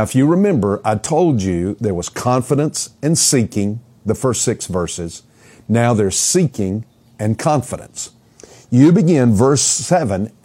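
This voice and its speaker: Slow, mellow-voiced male preacher. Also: medium pitch, husky. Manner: earnest, asks the listeners questions, stumbles and repeats words. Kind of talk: expository sermon.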